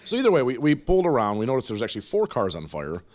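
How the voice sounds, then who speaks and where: A man's voice: mid-range voice, wildly swooping pitch, rapid-fire, darkish tone. A man co-hosting a podcast who tells a story in casual chat and chimes in with corrections. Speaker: podcast co-host.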